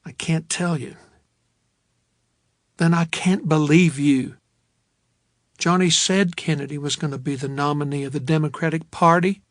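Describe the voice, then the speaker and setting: Brief: male audiobook narrator, slightly higher voice, dry close studio sound, steady storytelling. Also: dry recording. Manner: steady storytelling, voicing dialogue.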